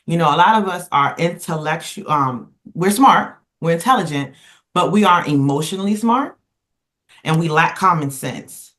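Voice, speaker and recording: A woman speaking on a casual podcast roundtable, emphatic and animated, circling back and restarting as she tells stories. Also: fairly low pitch, moderate pace. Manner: emphatic, animated storyteller who rambles and restarts. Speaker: roundtable panelist.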